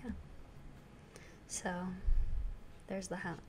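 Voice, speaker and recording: A woman's voice: drawn-out words, noisy background. Chatty young woman co-hosting a podcast. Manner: chatty, laughs often, jokey. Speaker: podcast co-host. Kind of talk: casual chat.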